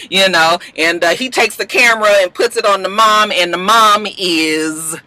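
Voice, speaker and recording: A woman's voice: mid-range voice, normal speed, hardly any pauses, pushed and bright, slight background noise, low-quality recording. A woman vlogging a casual, sassy episode recap, chatty and playful as she talks. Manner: sassy, chatty, quotes characters in voices. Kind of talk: casual chat.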